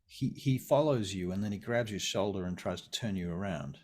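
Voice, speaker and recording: A man narrating as game master of a tabletop role-playing game, in a lively, stammering way. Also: low voice, fairly quick.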